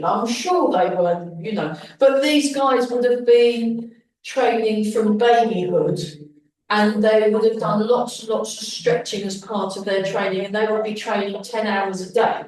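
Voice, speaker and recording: A woman leading a beginners' tai chi class, calling breathing cues and chatting between movements. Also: fairly high pitch. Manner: calm breathing cues mixed with chatty asides. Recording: very echoey hall, mic far off.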